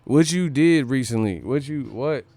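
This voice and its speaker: A man's voice: mid-range voice, lively intonation, moderate pace, warm tone, no echo. Brash profane man ranting on a stream. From California. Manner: brash and profane, riffing and breaking into laughter and sung lines. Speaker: boxing stream host. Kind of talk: casual livestream rant.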